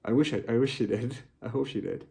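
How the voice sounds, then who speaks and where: A young man talking to his viewers, heartfelt and halting, often restarting his sentences. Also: medium pitch, gravelly, dark tone. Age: young adult. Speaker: vlogger. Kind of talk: personal reflective monologue.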